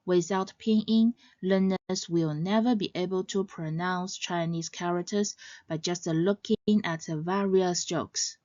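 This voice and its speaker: A woman narrates a scripted lesson very slowly, setting out each point in a measured, explanatory way. Her voice sounds close and dry, with no room around it. The sound is a little dull and lo-fi. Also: on the low side, fairly even intonation, warm tone, dry recording. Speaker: language teacher.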